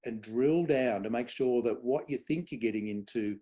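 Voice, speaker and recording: A middle-aged man, a guest on event safety, telling anecdotes in a lively way and acting out quoted dialogue. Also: mid-range voice, moderate pace. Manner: animated storyteller, acts out quoted dialogue. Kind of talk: conversational anecdote.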